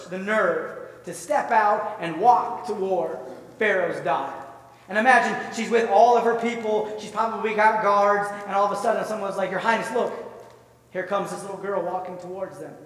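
A man preaching a sermon, retelling a story vividly and conversationally with many rhetorical questions. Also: high-pitched. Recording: echoey hall, far from mic.

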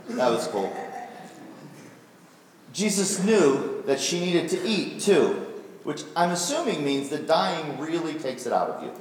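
A man's voice: fairly high pitch, lively intonation, measured pace, a little hiss or hum. A male pastor preaching a sermon, retelling a story vividly and asking rhetorical questions. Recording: echoey hall, voice from far off.

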